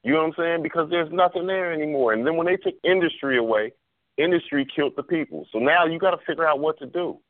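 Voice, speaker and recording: A man's voice: a little high, fast, dry recording. A man in casual conversation, talking earnestly about what should be done. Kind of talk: casual podcast chat. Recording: tinny phone-line sound, dry.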